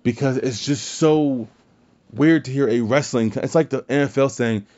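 Man, podcast host, casual chat, swears freely, mellow, dull lo-fi recording. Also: mid-range voice, normal speed. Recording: dull lo-fi sound.

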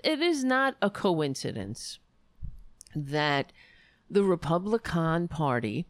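A woman's voice: low voice, very animated, slow, dry recording. A woman hosting a livestream, talking casually about politics in a blunt, profane and sarcastic way. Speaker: livestream host.

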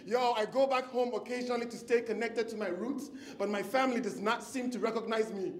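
A man's voice: very high-pitched, fairly even intonation, brisk. A man from Ghana with a Ghanaian accent performing spoken word poetry with a rhythmic, impassioned delivery.

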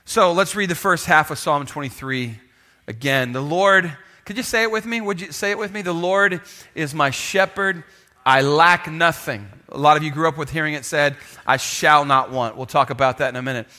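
A man's voice: a little high, quick pace, pushed and bright. A male pastor preaching to a live congregation in a casual, conversational way, often restarting and asking the people to repeat lines with him. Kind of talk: sermon. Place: church sanctuary with live congregation.

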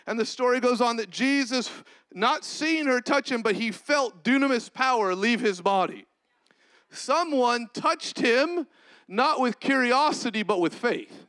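A man preaching a sermon as a pastor, with long pauses and sudden drops to a soft voice. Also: very high-pitched.

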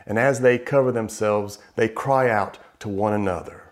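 A man preaching a sermon, emphatic, slowing down to stress key words. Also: lowish voice.

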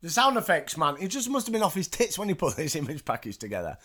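A man's voice: on the high side, wildly swooping pitch, fast, over loud music. A man hosting, casually recapping wrestling with chatty asides and swearing. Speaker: podcast host.

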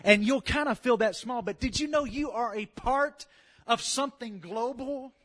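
Southern preacher, man, tenor range, animated sermon delivery. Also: very high-pitched, normal speed. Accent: Louisiana Southern US. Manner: animated, swells to loud calls of "come on" and "amen".

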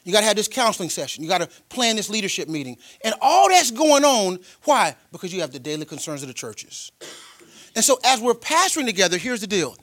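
A man preaching a sermon as a pastor, telling personal stories in a colloquial way, with delivery that swings from loud and emphatic to quiet and tender. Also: sits high, sing-song, fairly quick, no echo, studio quality. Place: church.

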